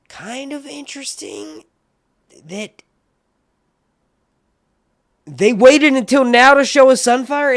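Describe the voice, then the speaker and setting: A man's voice: high-pitched, a bit bright, dry recording. Rambling, crude-joking male streamer. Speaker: host of a TV show review stream. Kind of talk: casual live-stream chat.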